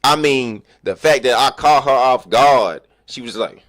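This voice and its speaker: A man livestreaming, telling animated, profane stories about work and acting out what people said. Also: mid-range voice, a little slow, no room sound, clean studio sound. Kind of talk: casual storytelling chat.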